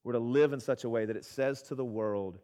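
A man's voice: medium pitch, a little fast. A male pastor, preaching a sermon in a conversational way, with asides to the congregation and repeated phrases for emphasis. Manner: repeats phrases for emphasis, swings from loud to hushed. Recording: long hall reverb.

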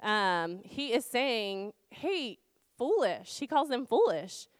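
A woman's voice: medium pitch, expressive, takes it slowly, clean tone, no echo. A woman in her thirties, a campus ministry team leader, giving an informal Bible talk to students, conversational with many fillers and rhetorical questions.

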